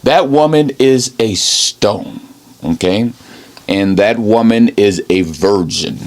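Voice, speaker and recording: A man's voice: fairly low pitch, slow. A man giving a rambling improvised sermon as a self-styled preacher, emphatic and repeating "okay?" after his points.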